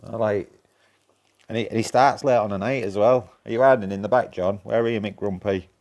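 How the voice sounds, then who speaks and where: A man's voice: on the low side, brisk, a little mellow, dull audio. A man with a broad Yorkshire accent chatting casually with viewers while streaming a game, swearing freely and bantering. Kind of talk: casual live-stream chat.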